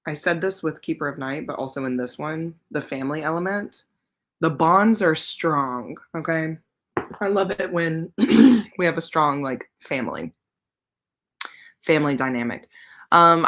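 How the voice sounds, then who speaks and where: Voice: medium pitch, fairly bright tone. A readathon livestream host chatting casually and playfully between reading sprints, with slangy, offhand phrasing. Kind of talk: casual chat while reading.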